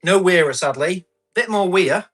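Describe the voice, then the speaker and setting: A man with a bright, forceful voice that sits a little high. He chats loosely while running a live auction, reading out numbers and comments and laughing easily. Faint music plays behind him. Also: a little slow, husky. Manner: chatty, laughs often, reads out bids and comments. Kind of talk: casual live-stream selling chat.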